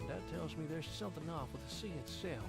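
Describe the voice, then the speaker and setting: A man's voice: fairly high pitch, fast, gravelly, over loud music, voice pushed up. A man voicing a stern, stubborn island woman. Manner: blunt, warning, firm.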